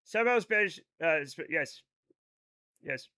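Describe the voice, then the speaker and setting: A man's voice: sits high, animated, measured pace, long pauses, sharp tone. An American man in his thirties streaming a game live, joking casually and reading chat aloud. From United States. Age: 30s. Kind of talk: casual chat while gaming.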